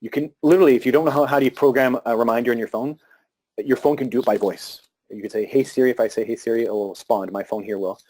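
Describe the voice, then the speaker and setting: A man of medium pitch addresses a live audience on meditation and breathing. His manner is calm, with pauses and restarts.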